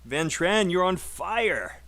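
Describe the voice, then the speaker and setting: A British-accented man with a high-pitched, sing-song, pushed and bright voice runs a live online English pronunciation lesson. He goes through sentences slowly and offers students encouragement.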